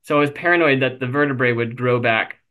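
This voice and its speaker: A man's voice: medium pitch, fast, phone-quality sound. A man being interviewed, telling a personal story candidly, with self-deprecating humor and frequent fillers. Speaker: interview guest.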